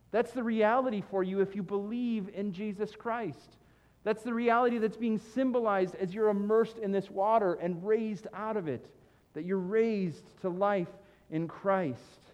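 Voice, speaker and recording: A man preaching a sermon as a pastor, animated, acting out comic voices in his examples. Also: sits high, big-room sound, highs cut off.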